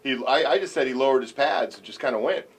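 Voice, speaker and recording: A man's voice: mid-range voice, animated, fast, husky. Sports show co-host guy, dry and teasing, voice goes all over the place. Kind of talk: sports analysis and banter.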